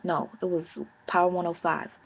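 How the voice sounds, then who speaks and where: Woman, 30s, husky lowish voice, sassy profane TV recap, dull lo-fi audio. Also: level tone, moderate pace. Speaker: TV reality show reviewer. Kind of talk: casual vlog recap.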